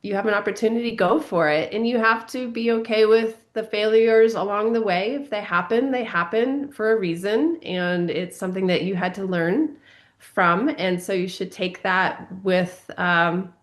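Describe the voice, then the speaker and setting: A woman's voice: medium pitch, moderate pace. A woman giving an upbeat, encouraging talk to fellow speakers, with many fillers. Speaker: summit speaker. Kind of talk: informal speech to a group.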